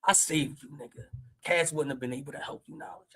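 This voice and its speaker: A man with a Philadelphia accent hosting a casual livestream, brash and loud, trash-talking and laughing often. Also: fairly high pitch, fairly quick, poor audio. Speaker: livestream host.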